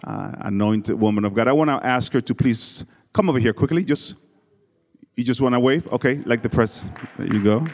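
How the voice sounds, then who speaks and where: A man's voice: medium pitch, normal speed, darkish tone. Joking man preaching in a reverberant hall. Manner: humorous, jokes with the congregation; speaks English with a non-native accent. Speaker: guest preacher. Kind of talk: sermon with personal stories. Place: church hall before a congregation. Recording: long reverb of a large hall.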